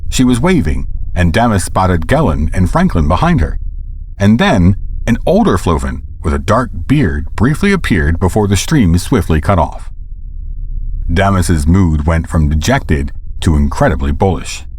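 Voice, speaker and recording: A man narrating a scripted audio drama in a measured storytelling way. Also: sits low, sing-song, darkish tone, a little hiss or hum.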